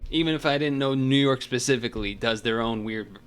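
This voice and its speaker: A man's voice: mid-range voice, fairly quick, smooth, soft background music. A man streaming, chatting casually and teasing a caller in a playful back-and-forth.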